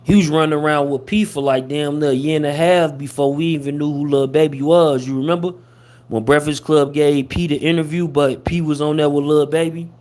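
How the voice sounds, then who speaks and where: A man's voice: fairly high pitch, steady tone, a little fast, darkish tone. A man hosting a casual livestream, talking loosely with lots of slang and fillers. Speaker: host of a hip-hop gossip livestream.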